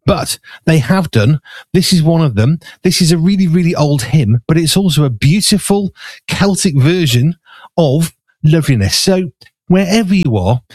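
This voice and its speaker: A male radio host talks in a loose, chatty way, slightly out of breath. His voice sits a bit high for a man. The sound is close and dry, with no room around it. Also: no echo. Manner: chatty, relaxed, a little breathless. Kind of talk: casual radio link.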